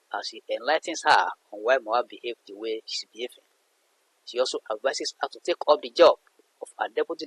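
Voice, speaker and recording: A man's voice: mid-range voice, fairly bright tone, a little hiss or hum, poor audio. A man teaching a literature lesson in an emphatic way, repeating points for his students. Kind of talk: explanatory lesson narration.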